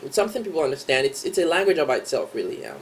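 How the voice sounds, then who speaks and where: A young Nigerian man with a Nigerian accent, chatting casually in a vlog, relaxed and rambling with lots of ums. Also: a little high, racing, slight background noise. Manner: relaxed and rambling, many ums and you-knows. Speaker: vlogger. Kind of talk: casual tag video chat.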